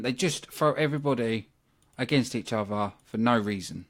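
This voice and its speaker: A British man hosting a wrestling review at a mid-range pitch, talking in a loose, opinionated way. He breaks up his points with plenty of ums and asides, like someone chatting off the cuff. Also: moderate pace. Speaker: wrestling review podcast host. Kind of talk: casual solo review.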